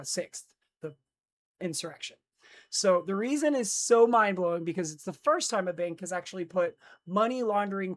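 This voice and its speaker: Groggy streamer, restarting flubbed lines. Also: mid-range voice. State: drowsy, just woken up. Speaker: livestream host reading news. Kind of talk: casual livestream chat and news read-out. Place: indoor streaming setup in Los Angeles. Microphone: streaming mic with noise cancellation.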